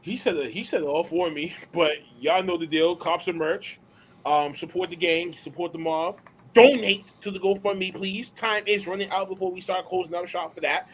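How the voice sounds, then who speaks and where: A man in casual podcast banter, joking around with an animated, slangy delivery. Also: high voice, normal speed, breathy edge, rough recording.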